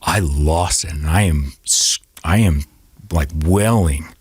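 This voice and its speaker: A man telling a personal story as a podcast guest, speaking haltingly and often repeating and restarting his words. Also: extremely low pitch, slightly rough, dry recording, studio quality.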